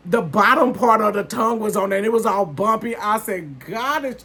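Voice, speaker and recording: A woman in her fifties chatting casually to her viewers as a vlogger, calling them "honey" and "you guys" and bursting into excitement. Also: mid-range voice, brisk, slightly rough. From northern United States. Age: 50s.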